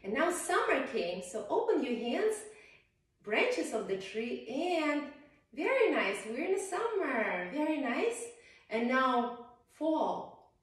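Woman, kids yoga teacher, high voice, playful and coaxing, echoey room, distant mic. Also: very animated, slow pace. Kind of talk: guiding a children's yoga class.

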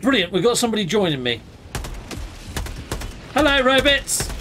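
A British man who hosts a gaming channel, talking through his play in a casual, excitable way and yelping when things go wrong. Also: sits high, moderate pace, background noise. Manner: excitable, exclaims and yelps during fights. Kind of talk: casual let's-play commentary.

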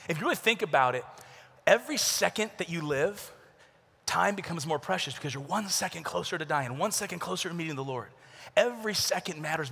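A middle-aged man with a fairly high voice gives a lively, comic talk to a young crowd. He moves between animated storytelling and sincere encouragement. His voice rings with a long reverb through a big arena. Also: vocal fry, slightly rough. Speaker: conference speaker. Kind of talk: youth conference talk. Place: large conference arena. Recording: long reverb of a large hall.

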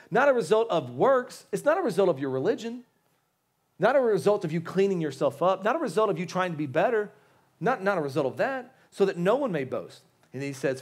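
A pastor in his thirties delivers a sermon with earnest emphasis, and his voice sits a little higher than most men's. He returns to key phrases again and again and often restarts his sentences as he drives a point home. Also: breathy edge. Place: church sanctuary.

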